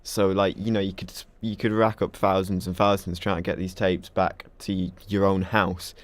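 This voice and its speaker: A man's voice: sits low, level tone, normal speed. A young man co-hosting a podcast in casual chat, joking and easygoing. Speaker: podcast co-host.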